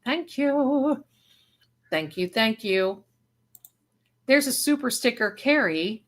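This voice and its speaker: A woman's voice: a little high, animated, slow pace, a bit bright. A woman hosting a live stream who reads viewers' chat aloud and showers them with endearments, in a rambling, effusive way that often breaks off mid-thought. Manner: rambling, self-interrupting. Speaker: livestream host and spiritual reader.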